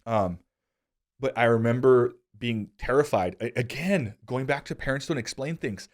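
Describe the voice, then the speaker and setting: A man in his thirties hosting a podcast, telling casual stories with self-deprecating humor. He gets animated, and his voice jumps high when he quotes himself. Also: moderate pace. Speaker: podcast host. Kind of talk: casual conversational storytelling.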